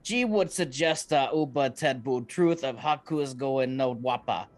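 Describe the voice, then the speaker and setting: A man's voice: medium pitch, measured pace, close to an everyday voice. A man voicing a male rogue who threatens someone in a made-up alien language. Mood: menacing. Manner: menacing gibberish alien speech.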